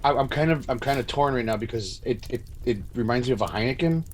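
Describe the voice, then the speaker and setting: A man's voice: mid-range voice, quick pace, a little hiss or hum. Stammering man in casual chat. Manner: stammering, repeats words.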